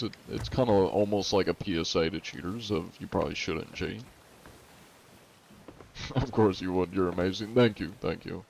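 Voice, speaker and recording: 21 yo american streamer guy, jokey and sarcastic, answers chat, kinda low voice. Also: gravelly, slight background noise. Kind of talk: casual livestream chat.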